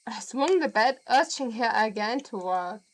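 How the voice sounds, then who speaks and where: A woman's voice: fairly high pitch, animated, poor audio. A woman with a German accent reading a visual novel aloud on stream and chatting with viewers. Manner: slow, deliberate reading with laughs and asides to chat.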